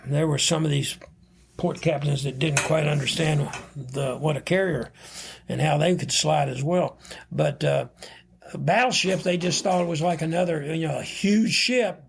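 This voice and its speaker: A man's voice: fairly high pitch, vocal fry, slight background noise. An older American man, a retired naval officer, telling anecdotes in a podcast interview, often chuckling and acting out the dialogue. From United States. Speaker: retired vice admiral, interview guest.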